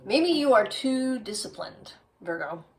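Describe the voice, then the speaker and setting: A woman's voice: fairly high pitch, very animated, unhurried, a little mellow, recorded from a distance, poor audio. A woman giving a tarot reading, musing aloud with frequent "right?" tags. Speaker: tarot reader.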